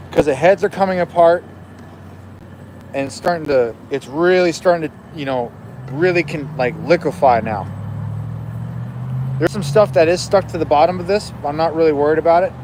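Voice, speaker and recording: A man's voice: fairly high pitch, normal speed, pauses often, a little mellow, slight background noise. A man chatting casually on a live stream, rambling and joking and cutting himself off mid-sentence. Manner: rambling, joking, many self-interruptions. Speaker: livestreamer.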